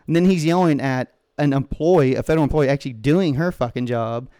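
A man's voice: on the high side, fairly quick, warm tone, clean tone, dry recording, studio quality. A man co-hosting a podcast, telling a story in a casual, heavily profane rant. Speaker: podcast co-host. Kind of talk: casual chat.

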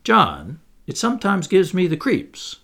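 Guy reading eager posh young fellow, bit pompous, lively up and down voice. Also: high voice, a little slow, vocal fry, pitched above the performer's own voice, exaggerated voice. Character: young male aristocrat, cheerful, eager, boyish.

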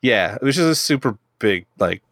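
A man's voice: medium pitch, lively intonation, moderate pace, fairly bright tone, dry recording, clean studio sound. A man co-hosting a casual movie review podcast, rambling, sarcastic and profane. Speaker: podcast co-host.

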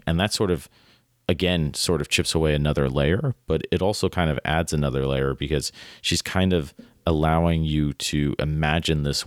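A podcast host with a rumbling low voice chats casually about a short story, reading passages aloud in an eager, rambling way. He fills his talk with fillers and keeps tagging on "right?" The dry recording has studio quality.

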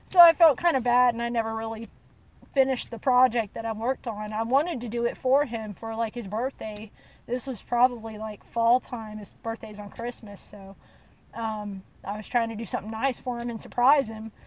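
A woman, hosting a podcast and telling a story in a chatty, animated way. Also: fairly high pitch, moderate pace, recorded from a distance, lo-fi sound. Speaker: podcast host. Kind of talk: casual storytelling.

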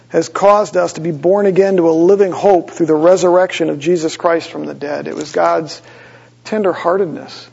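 Gravelly-voiced man teaching scripture. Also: fairly high pitch, steady tone, darkish tone. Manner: reads scripture slowly with rising emphasis, asks the audience questions. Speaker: Bible teacher. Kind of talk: Bible study sermon. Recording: dull lo-fi recording.

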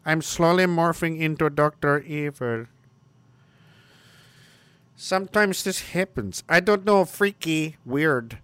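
Sarcastic, high-voiced ranting man. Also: slow pace, pauses often, smooth, dry recording. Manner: sarcastic, mocking, swings between loud outbursts and mutters. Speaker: livestream host. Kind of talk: casual ranting stream talk.

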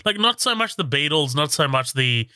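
A man recapping a horror film on a podcast, his voice bright and forward with an edge to it. He talks loosely and swears often, heard close and dry. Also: on the high side, very animated, moderate pace, no echo. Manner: laid-back, profane, recaps scenes with chuckles. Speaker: podcast co-host. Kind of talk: casual movie recap chat.

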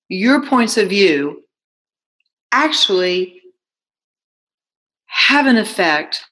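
A woman's voice: medium pitch, low-quality recording. A woman hosting a self-help podcast, giving a motivational monologue full of coaxing rhetorical questions. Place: Houston studio.

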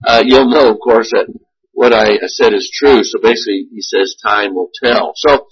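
A man's voice: fairly low pitch, normal speed, vocal fry, muffled recording. A male pastor teaching a Sunday school class, reading scripture aloud and then explaining it in plain asides.

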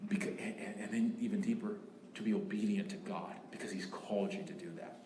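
A man preaching a sermon as pastor, emphatic and animated, often repeating and restarting his phrases. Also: lowish voice, a little fast, noisy background. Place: church sanctuary. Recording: echoey room.

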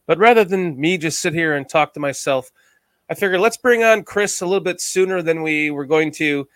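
A man's voice: on the high side, fairly bright tone, dry recording. A man from the United States hosting a casual sports podcast, chatty and rambling, with a self-deprecating streak. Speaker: podcast host.

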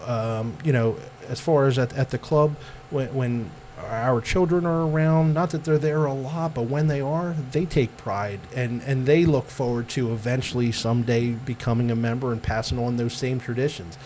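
A middle-aged man from the United States talks as a guest in a relaxed interview. His voice sits at an ordinary mid pitch, and his talk wanders with many fillers, restarts and easy laughter. A faint noise floor runs under the recording. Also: moderate pace, hardly any pauses. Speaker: guest, Italian-American club president. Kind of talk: casual interview chat.

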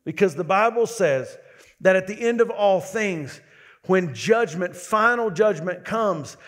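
A man's voice: high-pitched, a bit bright. A lead pastor preaching a sermon, building emphasis and repeating words as he drives a point home. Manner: preaching with rising emphasis and quick asides.

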